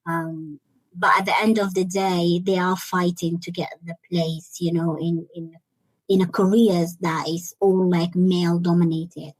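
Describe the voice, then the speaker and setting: A young adult woman guest sharing a personal story in an interview, earnest and halting, often repeating words as she searches for them. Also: lowish voice, flat delivery, dry recording, poor audio. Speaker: interview guest, life coach. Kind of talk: personal testimony in conversation.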